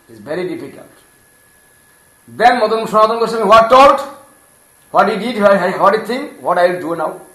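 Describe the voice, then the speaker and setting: Animated man telling a devotional tale. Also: fairly high pitch. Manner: animated, acts out characters, laughs often. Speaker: storyteller preacher. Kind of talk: devotional story talk. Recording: echoey room.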